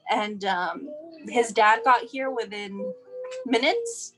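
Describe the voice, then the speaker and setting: A woman's voice: mid-range voice, lively intonation, takes it slowly, a bit bright, faint music behind, rough recording. A young woman from El Paso, Texas, telling her child's story in an interview, acting out the dialogue with many restarts. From El Paso, Texas, USA. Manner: emotional, acts out quoted dialogue, frequent restarts.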